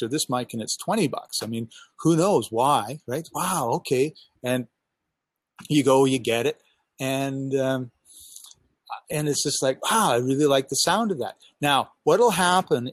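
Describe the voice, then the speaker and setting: A man's voice: medium pitch, no room sound. Enthusiastic guy rambling on a headset out on his balcony, dry close sound. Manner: enthusiastic, rambling, acts out his own thoughts. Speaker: podcasting coach. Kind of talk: casual video call chat. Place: outdoors on a backyard balcony.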